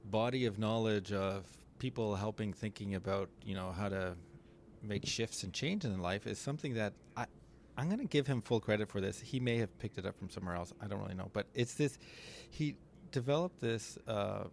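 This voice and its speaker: A man co-hosting a casual podcast, thoughtfully explaining ideas step by step with small pauses and fillers. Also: fairly low pitch, slight background noise. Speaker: podcast co-host.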